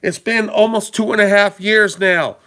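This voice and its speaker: Here a political vlogger speaks informally to his viewers in rambling talking-head commentary full of emphatic rhetorical questions aimed right at them. His voice sits high, with a steady, sharp tone and a moderate pace.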